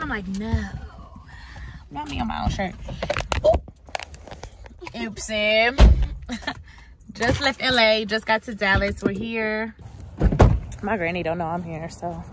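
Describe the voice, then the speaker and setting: A woman's voice: on the high side, background noise. Playful laughing Texan woman vlogger. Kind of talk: casual family vlog. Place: family home with relatives. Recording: family crowd chatting nearby. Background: family chatter.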